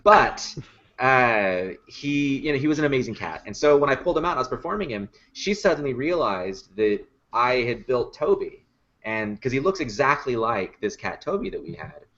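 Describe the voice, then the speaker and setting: Here the same puppet maker spins stories in a relaxed podcast conversation, quick to laugh and heavy on fillers. He speaks at a moderate pace in an animated, medium-pitched voice with a fairly bright tone, captured on lo-fi audio.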